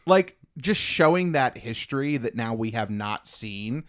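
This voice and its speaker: A man's voice: medium pitch, lively intonation, a little slow, a bit bright. A man hosting a podcast, enthusiastically walking through film scenes in a casual way with frequent "like". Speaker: podcast host.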